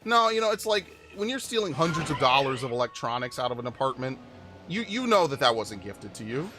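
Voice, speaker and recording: A New York man in his forties hosts a gaming channel, launching into a blunt, profane rant full of restarts while casually playing, with game music behind him. His voice is mid-range, very animated, and a little quick.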